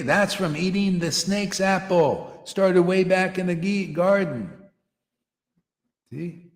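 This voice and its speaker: A man preaching informally to a devotional gathering, rambling and peppering his talk with "you know" and "man". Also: fairly high pitch. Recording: echoey hall with long reverb.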